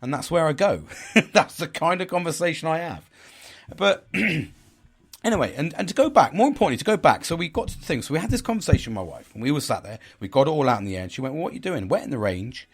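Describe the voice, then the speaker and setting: A man's voice: fairly high pitch, animated, quick pace, breathy edge. A middle-aged man, hosting a casual podcast chat, rambling and restarting his sentences, swearing freely and laughing at himself. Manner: candid, blunt and laughing at himself. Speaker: podcast host.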